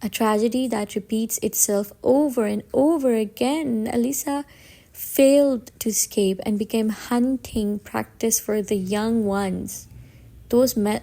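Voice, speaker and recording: A woman's voice: medium pitch, vocal fry, warm tone. A woman narrating a comic story recap in a casual, dramatic way, with emphatic stresses and frequent restarts.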